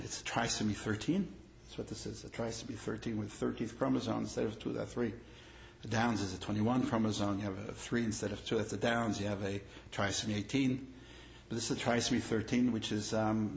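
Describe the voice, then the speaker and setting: Gravelly rabbi lecturing in an echoey room. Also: male voice, lowish voice. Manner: grows animated and emphatic in stories, repeats phrases. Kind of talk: lecture with personal stories. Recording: echoey room, dull lo-fi sound, faint noise.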